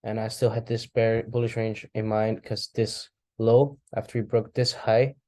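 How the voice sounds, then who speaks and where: A man casually talking through a chart recap, thinking aloud with relaxed asides. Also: fairly low pitch, normal speed. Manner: relaxed, talks to himself while charting, asides and apologies. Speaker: trading recap host. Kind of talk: casual screen-share commentary.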